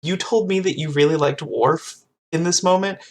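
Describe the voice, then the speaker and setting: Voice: mid-range voice, normal speed, darkish tone. A podcast co-host rambling through a TV episode recap in casual chat, swearing and quoting characters.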